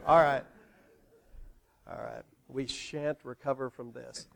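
A male pastor preaching in an animated, conversational way, playfully involving the congregation. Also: mid-range voice, a little slow, gravelly. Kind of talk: sermon.

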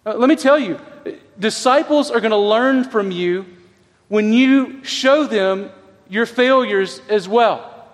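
A middle-aged male pastor preaching with an earnest, conversational warmth of storytelling and emphatic pauses. His voice sits high for a man. The sound rings with the long reverb of a big hall. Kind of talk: sermon.

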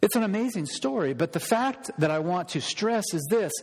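Man preaching, fairly high voice, emphatic, big echoey church. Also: expressive, normal speed, a little mellow. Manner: emphatic, repeats words when stressing a point. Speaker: pastor. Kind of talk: sermon. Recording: long reverb of a large hall.

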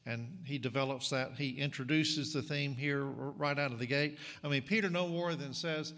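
Pastor preaching in a reverberant hall. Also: male voice, mid-range voice, steady tone, a bit bright. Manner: conversational, halting with frequent restarts and fillers. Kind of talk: sermon. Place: church sanctuary.

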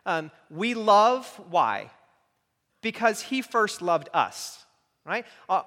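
A man's voice: a little high, pushed and bright. A man preaching a sermon to a congregation, earnest and conversational, often checking in with "right?" asides. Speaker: pastor. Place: church sanctuary. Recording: long hall reverb.

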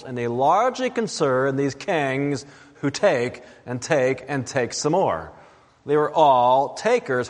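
A man preaching a sermon, reading scripture aloud in a slow and deliberate way. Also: fairly high pitch, big-room sound.

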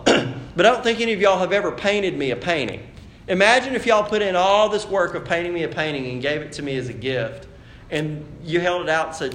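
A man, a pastor preaching a sermon in a conversational way that builds to loud, animated emphasis. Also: a little high, reverberant, a little hiss or hum.

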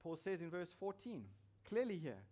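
A male pastor delivering a sermon in a fairly high voice. He presses his points with emphasis, repeating key phrases to drive them home. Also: big pitch swings, normal speed, warm tone.

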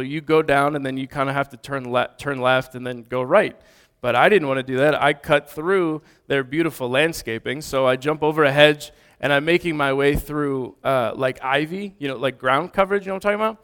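A man in his thirties preaching, telling a personal story in a lively way with sudden loud bursts. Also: on the high side, smooth. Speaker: pastor. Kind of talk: storytelling sermon.

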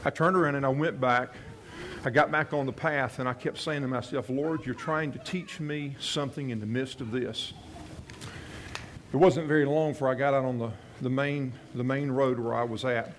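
An earnest male pastor tells a personal story in a sermon, often restarting his phrases and dropping softer when he quotes a prayer. His voice sits at an ordinary middle pitch. A faint hiss of background noise sits under the recording. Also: fairly even intonation, moderate pace.

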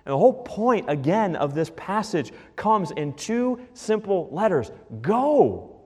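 A man's voice: sits high, animated, a little slow, slightly rough. Emphatic male pastor with hall reverb. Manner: emphatic, punchy preaching. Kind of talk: sermon. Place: church.

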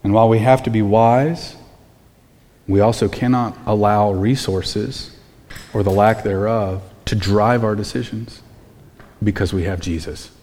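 A man's voice: lowish voice, fairly even intonation, measured pace, a little mellow, long reverb tail. A man preaching a sermon as pastor, in a conversational way full of rhetorical questions.

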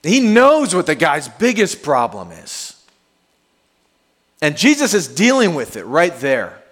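A male pastor preaching a sermon to a congregation in a conversational, animated way. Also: a little high, takes it slowly. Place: church sanctuary. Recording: long hall reverb.

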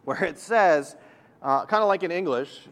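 A man preaching a sermon, earnest and explanatory, often repeating words and slowing down to stress key words. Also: a little high, animated, a bit bright. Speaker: pastor.

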